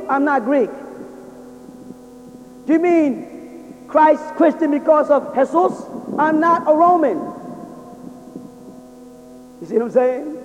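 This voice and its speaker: A man's voice: very high voice, a little mellow, slight background noise. A man giving a religious lecture to an audience, drilling his listeners with rhetorical questions. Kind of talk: lecture-style sermon to an audience. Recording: dull lo-fi recording in a reverberant hall.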